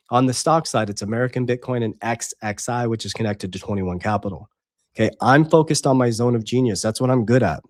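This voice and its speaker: A man's voice: medium pitch, a little mellow, no room sound, studio quality. A man coaching viewers on money and investing in a casual monologue, hammering points home and checking in with "okay?". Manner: emphatic, repeats points, adds "okay?". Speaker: finance coach and app co-founder.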